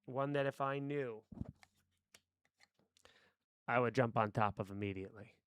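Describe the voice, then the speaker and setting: A man's voice: medium pitch, a little slow, smooth, no echo. A man chatting casually on a live stream, rambling to his chat while adjusting his microphone settings. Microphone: desk microphone.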